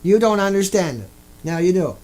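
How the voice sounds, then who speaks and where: A man's voice: high voice, expressive, normal speed, darkish tone. A man delivering an angry, repetitive rant, swearing often as he talks to his viewers. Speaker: video blogger.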